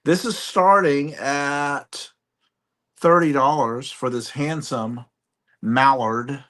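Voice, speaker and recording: Slow-talking man hosting a live sale. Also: mid-range voice, bright, forceful tone. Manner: slow, deliberate, joking. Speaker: auction host.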